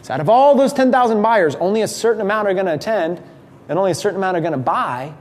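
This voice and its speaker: A man giving a live seminar talk, energetic and conversational, acting out what his listeners might think. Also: high-pitched, quick pace. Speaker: business speaker teaching a mastermind.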